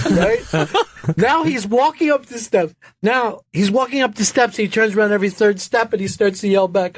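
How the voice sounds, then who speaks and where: A man telling a wild, profanity-filled story on a radio talk show, acting out the shouts and laughing as he goes. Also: high-pitched, a little fast, slight background noise.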